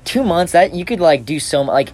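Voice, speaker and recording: A man's voice: on the high side, very animated, fairly quick, darkish tone. Rambling young male podcast host. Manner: rambling, many fillers and restarts. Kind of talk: casual chat. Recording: faint background hiss.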